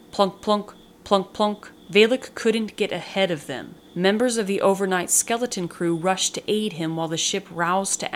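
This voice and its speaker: A woman hosting a podcast and reading a short story aloud in a measured, descriptive way. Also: on the low side, a little hiss or hum.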